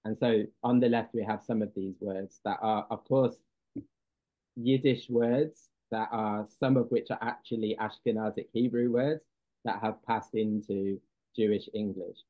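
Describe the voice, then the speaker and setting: A man's voice: on the low side, fairly even intonation, measured pace, no echo. A man giving a lecture, explaining patiently with frequent ums and uhs and checking whether his audience follows. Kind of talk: classroom lecture. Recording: dry, tinny phone-like sound.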